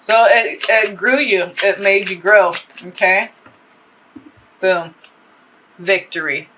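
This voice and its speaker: Tarot reader, woman; bright tone, rambling and profane, animated delivery. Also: medium pitch, slow pace, slight background noise, poor audio. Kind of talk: casual tarot reading monologue.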